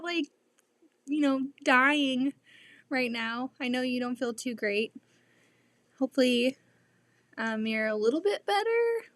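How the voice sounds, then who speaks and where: Woman host, fairly high voice, slow relaxed delivery, chatty with many "like" fillers, casual quilting live stream. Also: no echo. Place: home sewing room.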